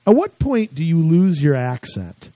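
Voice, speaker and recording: Chatty rambling man with lively pitch. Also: a little slow, no echo, poor audio. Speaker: co-host. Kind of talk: casual political talk.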